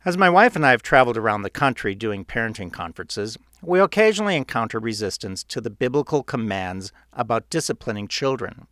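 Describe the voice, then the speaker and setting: A man reading his own book aloud in a measured, earnest narrating style. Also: mid-range voice, sing-song, a bit bright, no room sound, studio quality. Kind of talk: audiobook narration.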